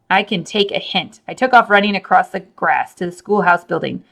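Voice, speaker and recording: A woman reading a children's chapter book aloud with animated, expressive storytelling. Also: fairly low pitch, normal speed, creaky, hardly any pauses. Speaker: storybook reader.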